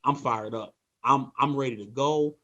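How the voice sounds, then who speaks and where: A man's voice: medium pitch, moderate pace, a bit bright, lo-fi sound. A man leading a motivational sales training talk, speaking with energy and repeating himself as he coaches his team. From Michigan, USA. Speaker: team leader.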